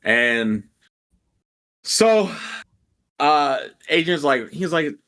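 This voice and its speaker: A man's voice: fairly high pitch, expressive, very slow, a bit bright. A young man casually telling a rambling, profane story and quoting people animatedly as a podcast co-host.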